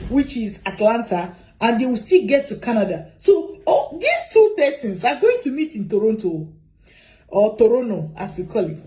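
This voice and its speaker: Woman, consultant giving advice, lively swooping pitch, mellow dark tone, rhetorical questions. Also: low-quality recording. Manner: animated, repeats points, asks rhetorical questions. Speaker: migration consultant. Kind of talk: advice talk to camera.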